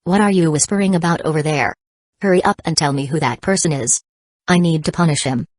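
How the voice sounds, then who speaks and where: A woman reading the lines of a brash, impatient zealot man in a low, dry voice, with blunt, snapping demands. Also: brisk, no echo. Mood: defiant.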